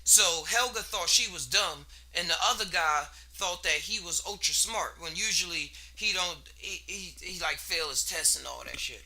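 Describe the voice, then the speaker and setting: High, bright-voiced man musing casually. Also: moderate pace, hardly any pauses. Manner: rambling, laid-back, slangy, laughs between thoughts. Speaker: podcast host. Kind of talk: casual solo monologue.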